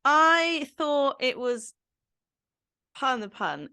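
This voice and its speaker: A woman's voice: high-pitched, very animated, slow, pushed and bright, dry recording, clean studio sound. A woman co-hosting a casual podcast, giving frank, blunt opinions with some mild swearing. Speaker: podcast co-host. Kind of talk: casual recap chat.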